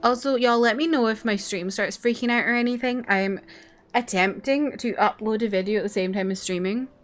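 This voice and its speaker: A woman's voice: fairly high pitch, a little fast. A young woman streaming a game, chatting with viewers in a bubbly, casual way, full of likes and laughs. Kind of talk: casual chat.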